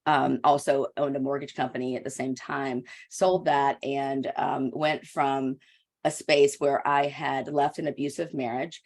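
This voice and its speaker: A woman's voice: extremely low pitch, level tone, measured pace, darkish tone. A middle-aged woman coach, a guest on an interview show, telling her story in a candid, confessional way. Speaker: guest, women's leadership coach.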